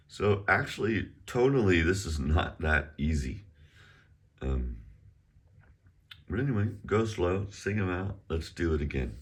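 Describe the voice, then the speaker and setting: A middle-aged man teaching a casual online Chinese lesson, chatty and relaxed, drawing out the tones slowly as he models them. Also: rumbling low, breathy edge.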